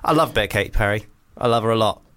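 A man's voice: fairly low pitch, racing, fairly bright tone, smooth. A young man co-hosting a comedy radio show, telling rambling, self-deprecating stories with lots of restarts. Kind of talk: casual comedic radio chat.

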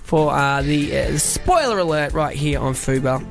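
A man's voice: a little high, animated, unhurried, vocal fry. Man, radio host, casual banter, storytelling, faint music underneath. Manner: chatty, laughing storyteller.

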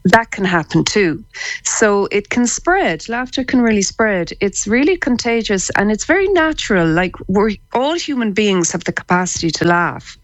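A woman's voice: mid-range voice, lively intonation, normal speed, no room sound. A woman, a psychotherapist guest on a radio interview, explaining things in a chatty way and laughing easily.

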